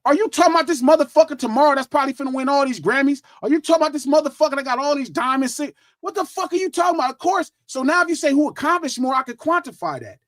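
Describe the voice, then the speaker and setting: A high-pitched man in his middle years, arguing his case with a lively, swooping voice and plenty of swearing. The sound is dry and close, with no room around it. He presses his point again and again in a heated podcast talk. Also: racing, hardly any pauses, no echo. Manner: emphatic, profane, insistent. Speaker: podcast host. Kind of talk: heated casual debate.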